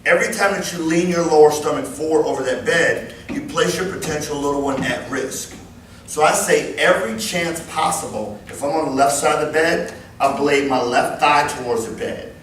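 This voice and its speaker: A man in his fifties running a live workplace safety training class, animated and joking as he demonstrates moves. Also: fairly high pitch, normal speed, a little hiss or hum. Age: 50s. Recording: very echoey room, far mic, faint ambience.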